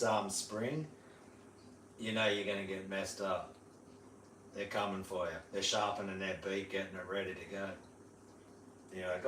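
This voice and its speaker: A man's voice: lowish voice, fairly even intonation, normal speed, a little hiss or hum. Laid-back Australian man, roomy distant sound. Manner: laid-back, slangy, imitates bird calls. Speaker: livestream host. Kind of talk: casual livestream chat. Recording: roomy sound, mic at a distance, faint ambience.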